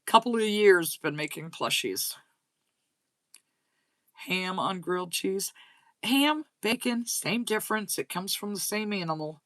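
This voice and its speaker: A woman's voice: fairly low pitch, a little slow, no room sound. A woman with a slight Southern US accent hosting a casual livestream chat, reading and answering viewer comments aloud. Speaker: crochet channel host.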